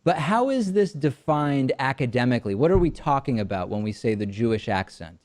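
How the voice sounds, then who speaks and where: Male talk show host, mellow tone, measured questions, repeated words. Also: mid-range voice, big pitch swings. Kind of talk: interview.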